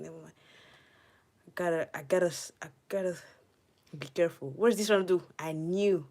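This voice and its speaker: Brief: woman, gaming host, lowish voice, jumps between squeals and hushed mutters. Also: moderate pace. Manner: excitable, squealing and talking to the game's players; drops to hushed, muttered asides. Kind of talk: live gameplay commentary.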